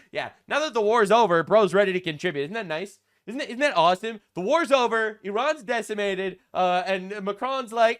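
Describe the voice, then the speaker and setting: A man's voice: high voice, lively intonation, moderate pace, hardly any pauses, fairly bright tone, clear, resonant tone. A man giving sarcastic, crude political commentary as a vlogger.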